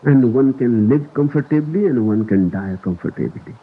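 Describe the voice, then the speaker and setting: A man giving a spiritual discourse in a slow, deliberate and emphatic way, on an old recording. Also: medium pitch, animated, slightly rough. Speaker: spiritual teacher. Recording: tinny lo-fi archive recording.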